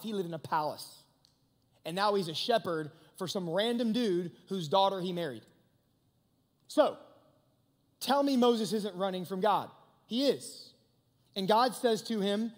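A young man with a high voice preaches to a youth crowd in a relaxed, animated way. He often turns to ask the crowd questions. His voice rings out through the long reverb of a large hall. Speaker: youth pastor. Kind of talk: youth sermon. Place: large hangar used as a church hall.

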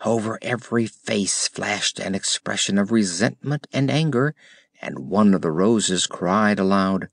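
A man narrating a classic children's fantasy audiobook in a measured storytelling manner. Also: lowish voice, vocal fry, dry recording, clean studio sound. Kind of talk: scripted narration.

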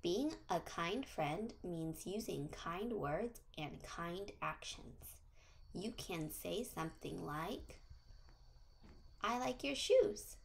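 A woman teaching preschoolers, reading a social story slowly in a sing-song, gently encouraging way. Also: lowish voice, lively intonation, creaky, a little hiss or hum. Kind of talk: social story read to young children.

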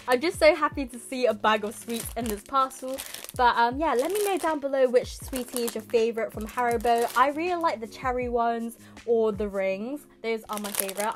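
A young woman, unboxing a parcel in a casual vlog, giddy and excitable with exaggerated reactions. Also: on the high side. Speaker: manga vlogger.

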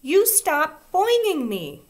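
A woman voicing a shrill little kindergarten girl who tattles, near tears. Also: expressive, normal speed, lightly acted.

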